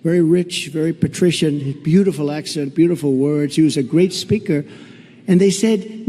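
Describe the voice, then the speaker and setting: A man delivers a campaign rally speech, repeating himself and mocking his rivals. His voice is high for a man yet dark in tone. It rings out with a long reverb across a large hall, over faint ambient noise. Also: normal speed. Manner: repetitive, boastful, mocking. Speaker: political candidate at a rally. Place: large indoor venue with a crowd.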